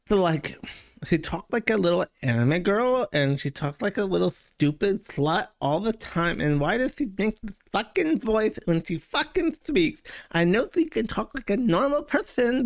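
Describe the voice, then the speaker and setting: A man's voice: medium pitch, no room sound, clean studio sound. A man hosting a stream, ranting to chat in a profane, mocking, crude manner. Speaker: streaming show host.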